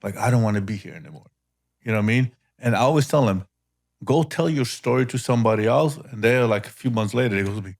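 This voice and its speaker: A man's voice: on the low side, fast, a little mellow. A man hosting a podcast interview who asks big questions and repeats key phrases for emphasis. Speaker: podcast host.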